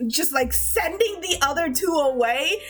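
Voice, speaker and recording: High-pitched woman streamer gushing to chat, lots of giggles and cussing, voice bouncing all over, faint music behind. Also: animated, unhurried. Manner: giggly and gushing, swears, many restarts. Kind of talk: casual chat with viewers.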